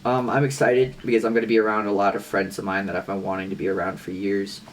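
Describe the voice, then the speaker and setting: A young man co-hosting a podcast in casual chat, loud, boastful and swearing freely. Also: on the low side, little pitch movement, fast, slight background noise. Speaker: podcast co-host.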